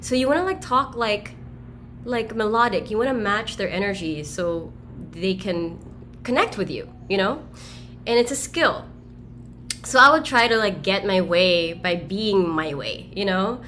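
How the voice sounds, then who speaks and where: A woman speaking as a roundtable guest on a video call, telling a story in a direct, energetic way. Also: mid-range voice, measured pace, slight background noise. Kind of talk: casual group discussion.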